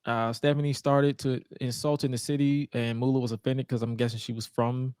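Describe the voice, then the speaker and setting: Co-hosting a podcast, a man chats casually through recaps of old wrestling shows, joking and swearing in a relaxed way. His medium-pitched voice is darkish, clear and resonant, delivered flatly and a little fast, in clean studio audio without room sound.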